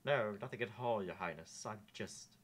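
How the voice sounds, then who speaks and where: A woman voicing a smug, slippery male courtier with a slow nasal drawl. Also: extremely low pitch.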